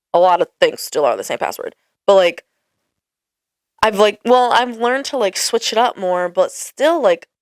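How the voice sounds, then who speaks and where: Young female host, exasperated casual rant, lively swooping pitch, dry close-miked sound. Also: no echo. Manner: exasperated, lots of "like" fillers. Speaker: podcast host. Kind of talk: casual ranting monologue.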